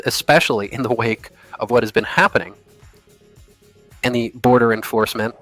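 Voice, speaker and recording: A man's voice: mid-range voice, fairly bright tone. A man giving angry, profane political commentary, ranting in a furious tone.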